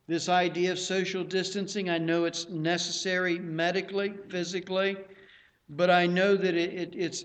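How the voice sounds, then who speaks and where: A man preaching a sermon as a pastor, slow and unhurried with pauses and restarts. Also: high voice.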